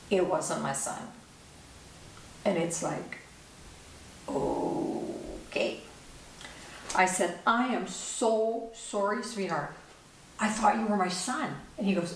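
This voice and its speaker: A woman's voice: mid-range voice, slow pace, long pauses, slight background noise. Older woman, storytelling talk, acts out dialogue, echoey room, distant mic. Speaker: author and speaker.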